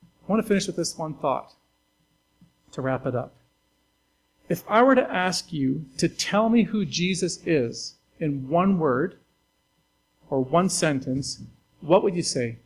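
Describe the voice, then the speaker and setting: Guy pastor giving a sermon, chatty and sincere, bit of a higher voice. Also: expressive, unhurried, pauses often, husky, poor audio. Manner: conversational, earnest, with filler words.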